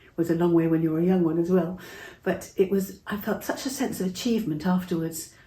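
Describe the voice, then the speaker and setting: A woman's voice: on the low side, steady tone, brisk, mellow, reverberant, poor audio. An older woman telling a Bible story to young children, chatty and interactive, asking them questions as she goes.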